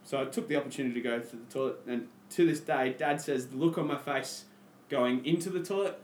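Australian guy, podcast guest, lively storyteller in an echoey room, mid pitch. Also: quick pace, slight background noise. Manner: animated, acts out his own past lines. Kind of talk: casual storytelling chat.

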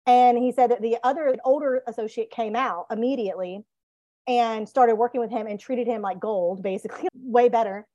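Woman podcast host ranting all fired up, highish voice, dry close sound. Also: a little fast, warm tone, no room sound, lo-fi sound. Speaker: podcast co-host, business coach. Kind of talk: casual podcast chat.

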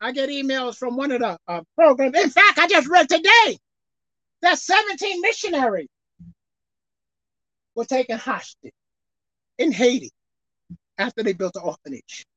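A woman preaching a sermon in a casual, folksy way, swinging between shouted highs and low murmurs. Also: sing-song, normal speed, pauses often, no room sound. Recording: dull lo-fi recording.

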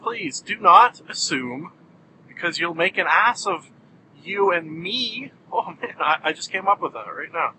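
A man's voice: high voice, sing-song, unhurried, sharp tone, slight background noise, poor audio. A man hosting a solo podcast in a jokey, self-mocking way with bursts of mock outrage. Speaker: podcast host.

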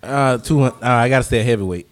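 A man's voice: mid-range voice, quick pace. A man co-hosting a casual podcast, crude and teasing, mumbling at times. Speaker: podcast co-host.

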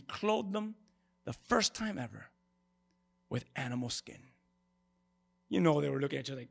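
A male pastor preaching an animated sermon to a congregation and calling for their responses. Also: fairly high pitch, moderate pace, gravelly, pauses often, husky. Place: church before a congregation.

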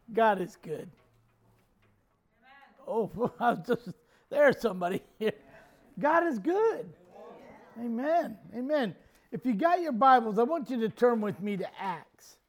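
A man's voice: high voice, animated, slow pace, long pauses. A man preaching a sermon, telling a homely story with a folksy, chuckling manner. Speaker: pastor.

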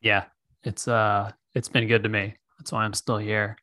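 Bright-voiced easygoing podcast host, dry sound. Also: male voice, fairly low pitch, flat delivery, moderate pace, no echo. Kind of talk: casual chat.

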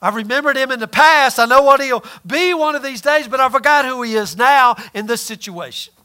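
Male pastor, sermon delivery, high and bright, big dynamic swings. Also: a little fast, clear, resonant tone. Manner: preaching with swings from loud emphasis to near-whispered lines.

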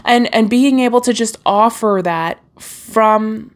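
A young woman hosts her own podcast, delivering a casual solo monologue into a microphone in an encouraging way, full of fillers and restarts. Her voice is a little high and she speaks slowly.

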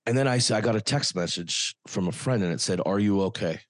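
A man speaking as a podcast guest, telling a personal story in an earnest, halting way with frequent pauses. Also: on the low side, dry recording.

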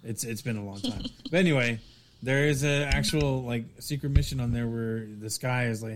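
A man in casual podcast chat, rambling through a story and acting out the quotes in it. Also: normal speed. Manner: rambling storyteller, acts out quotes with raised pitch.

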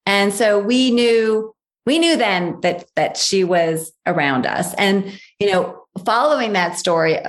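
A woman's voice: mid-range voice, lively intonation, measured pace. A woman guest telling a personal family story, emphatic and repeating key phrases, sometimes acting out the voices of the people in it. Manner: acts out others' voices in quotes.

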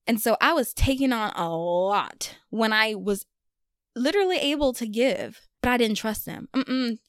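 A young adult woman vlogging in a casual confessional chat, animated and self-deprecating, and laughing often at herself. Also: a little high, moderate pace, clear, resonant tone, dry recording, studio quality.

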